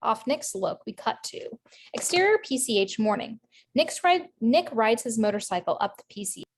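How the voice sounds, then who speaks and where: A woman reading screenplay stage directions in a brisk, matter-of-fact way. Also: on the high side, expressive, slight background noise. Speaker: narrator reading action lines.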